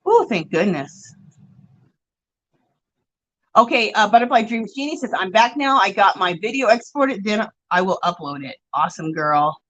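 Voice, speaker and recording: At medium pitch and a moderate pace, a woman runs a laid-back craft livestream, recorded in low quality. While working her yarn, she chats animatedly, reads viewer comments, greets people by name, and gushes freely.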